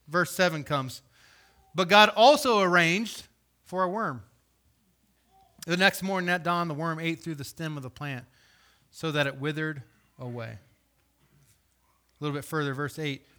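A man preaching a sermon, reading scripture aloud and voicing questions, swinging from loud emphasis to hushed, low delivery. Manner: reads scripture aloud and voices imagined questions. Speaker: pastor.

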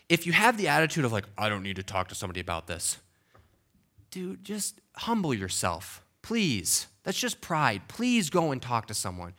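Male pastor, sermon in church, conversational, emphatic, bright forceful tone. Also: mid-range voice. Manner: conversational, emphatic, with frequent okays and restarts.

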